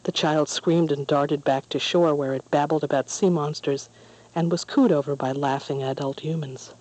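A narrator reading a children's story aloud in a calm, measured way. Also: mid-range voice, rough recording.

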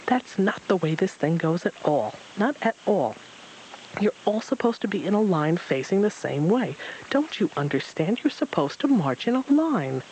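Storybook rabbit, male, fussy and bossy, high and shrill, stammers under pressure; a man puts it on. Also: big pitch swings, normal speed, a little mellow, a little hiss or hum, low-quality recording. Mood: furious. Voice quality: shrill, stuttering when scared.

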